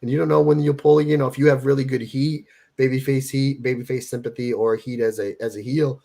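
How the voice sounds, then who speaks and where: A man's voice: medium pitch, flat delivery, a little fast, creaky, mellow. A man in his forties, a guest in a casual interview, talking emphatically and repeating his points to drive them home. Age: 40s. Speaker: guest wrestler.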